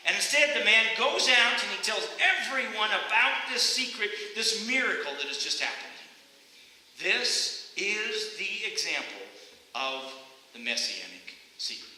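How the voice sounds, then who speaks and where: A male pastor preaching a sermon in a church, conversational and animated, with many rhetorical questions. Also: sits high, unhurried. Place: church sanctuary. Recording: echoey hall, faint hiss.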